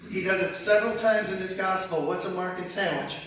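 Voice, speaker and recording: A man teaching from the Bible in a sermon, animated and conversational, often repeating words as he goes. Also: sits high, a little fast, background noise. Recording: very echoey hall, speaker far from mic.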